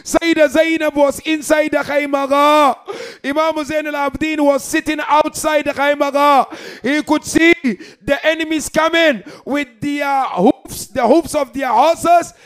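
A man preaching a mourning sermon, half-singing the story with emotional, loud cries. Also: very high voice, fairly even intonation, a little slow. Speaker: preacher reciting a mourning narration.

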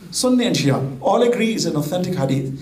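A man's voice: high-pitched, animated, quick pace, darkish tone. A man preaching a sermon, mixing Arabic quotations into his English. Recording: echoey hall.

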